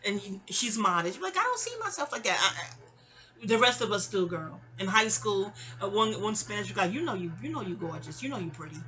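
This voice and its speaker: A woman in her fifties telling a long, rambling personal story, animated and digressive, with frequent exclamations. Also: medium pitch, normal speed. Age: 50s. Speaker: vlogger.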